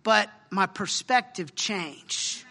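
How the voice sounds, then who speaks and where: A middle-aged man giving an informal, animated sermon about a mission trip, laughing often and using casual slang. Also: high-pitched, slow pace, vocal fry. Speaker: speaker sharing a mission trip story.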